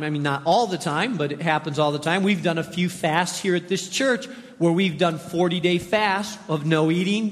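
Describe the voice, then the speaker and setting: Man, pastor, sermon, high voice, repeats for emphasis, echoing church.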